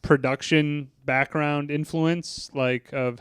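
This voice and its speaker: A man's voice: medium pitch, little pitch movement, unhurried, hardly any pauses, clean tone, no echo, studio quality. A man co-hosting a movie review podcast, talking in a loose, joking and profane way. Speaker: podcast co-host. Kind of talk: casual chat, movie review.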